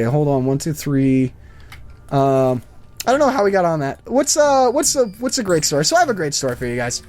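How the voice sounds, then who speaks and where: A man's voice: on the high side, a little mellow. A man hosting a gaming channel, rambling through a story with lots of fillers while he plays. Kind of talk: casual commentary over gameplay.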